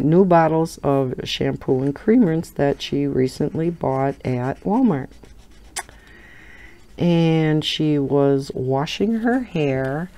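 A woman's voice: sits low, mellow. A middle-aged woman hosting a coloring channel, chatting casually and telling stories with frequent laughter. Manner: chatty storytelling, laughs often. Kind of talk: casual chat while coloring.

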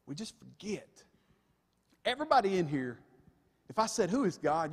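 A high-voiced male pastor preaches a sermon in a church sanctuary, where the hall's long reverb carries his slightly rough voice. He moves at a moderate pace with big pitch swings and frequent pauses, speaking emphatically and adding folksy asides to the congregation.

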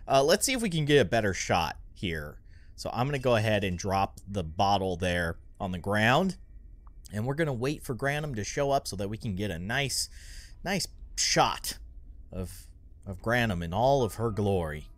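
A man's voice: medium pitch, expressive, normal speed, a bit bright. A young man hosting a gaming channel, rambling through let's play commentary and getting easily spooked.

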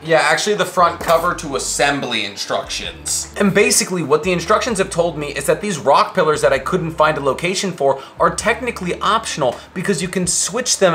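A man with a slightly raised pitch gives a casual, chatty voice-over while he builds a collectible statue. He sounds enthusiastic and lingers over small details. A faint background hiss sits under his voice. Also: fairly bright tone. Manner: enthusiastic and detail-focused, conversational. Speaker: host of a collectibles channel.

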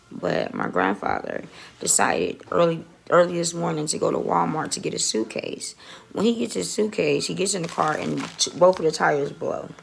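Woman vlogger, low gravelly voice, rambling, foul-mouthed, phone mic, faint music. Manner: chatty and rambling, swears often. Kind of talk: casual phone vlog. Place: dentist office. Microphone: phone held close.

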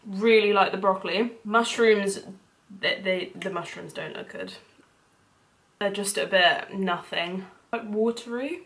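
A young woman with a London accent, chatting casually to camera in a cooking vlog, animated and full of quick asides. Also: mid-range voice. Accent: London English. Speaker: vlogger.

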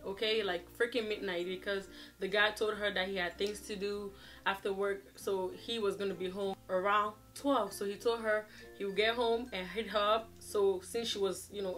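A woman in her twenties chatting casually to camera as a vlogger, telling a story in an animated way and acting out what people said. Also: medium pitch. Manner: animated, chatty, acts out quoted dialogue.

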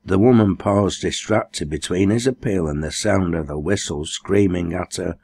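A man's voice: sits low, normal speed, hardly any pauses, darkish tone, breathy edge. A man reading a novel aloud as an audiobook, raising his voice for the dialect dialogue. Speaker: audiobook reader. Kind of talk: scripted narration.

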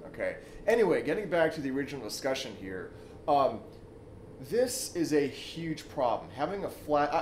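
A man talking as a dating coach in a loose, emphatic monologue, often tagging his points with "okay?" and swearing for emphasis. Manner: swoops into high exaggerated demonstrations. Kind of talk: casual instructional monologue. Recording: echoey room with faint ambient noise.

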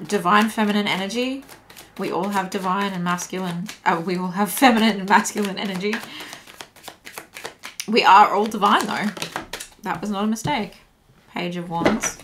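A woman reads tarot cards in a relaxed, musing way, thinking aloud and circling back over her phrases. Her voice sits at an ordinary pitch for a woman. Faint noise runs in the background. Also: normal speed, long pauses. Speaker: tarot reader. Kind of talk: casual tarot reading to camera.

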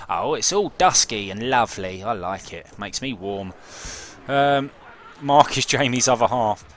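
A man's voice: mid-range voice, pushed and bright. Young man, game streamer, sweary banter, casual chat. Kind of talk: casual gameplay commentary.

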